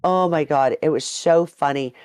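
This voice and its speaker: A woman in her thirties co-hosting a podcast, telling stories in a lively, profane way and acting out what people said. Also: sits low, normal speed, smooth, no room sound, clean studio sound. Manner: animated, profane, acts out quotes. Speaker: podcast co-host. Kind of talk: casual storytelling chat.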